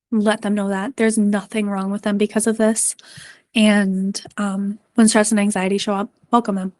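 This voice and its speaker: A woman mental performance coach giving a presentation to parents and coaches, earnest and gently encouraging with frequent ums. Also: medium pitch, no room sound.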